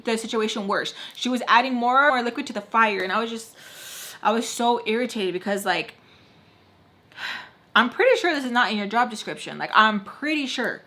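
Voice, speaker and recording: A woman's voice: fairly high pitch, expressive, normal speed, bright, forceful tone. A young woman telling a personal story in casual vlog chat, heated and ranting, swearing freely and leaning on "like". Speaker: beauty vlogger telling a story.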